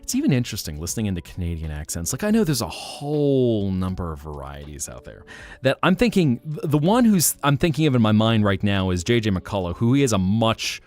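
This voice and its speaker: Soft-spoken man with a lively pitch. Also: a little fast, faint music behind. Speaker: livestream host. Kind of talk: relaxed live stream chat.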